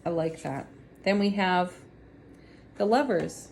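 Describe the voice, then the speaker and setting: A woman's voice: lowish voice, slow pace, gravelly, a little mellow, a little hiss or hum. Chatty woman giving a tarot reading. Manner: chatty and upbeat, laughs often, talks to viewers directly. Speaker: tarot reader. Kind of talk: casual tarot card reading.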